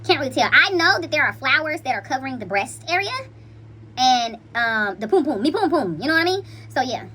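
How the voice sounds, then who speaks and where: A woman's voice: sits high, lively intonation, a little fast, pushed and bright. A woman hosting a casual tarot reading, talking in a playful, slangy and chatty way to her viewers. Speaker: intuitive card reader.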